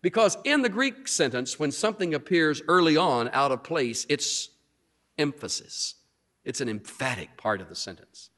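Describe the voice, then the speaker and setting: A man's voice: fairly high pitch, sing-song, normal speed, fairly bright tone. A man preaching an expository sermon, drawing out key words for emphasis. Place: church sanctuary. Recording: long reverb of a hall.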